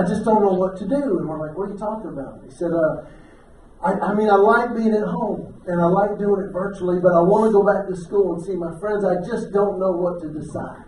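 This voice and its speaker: A man doing a stand-up comedy set, telling folksy stories and throwing quick questions to the audience. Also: sits high, a little mellow, a little hiss or hum. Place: banquet hall with a live audience. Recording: roomy distant audience recording. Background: audience laughter.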